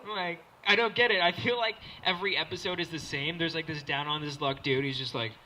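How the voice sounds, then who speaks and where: A young man in his late teens doing a stand-up comedy set, animated and jumping into silly character voices. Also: on the high side, brisk, slight background noise, low-quality recording. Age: young adult. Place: small comedy show with live audience.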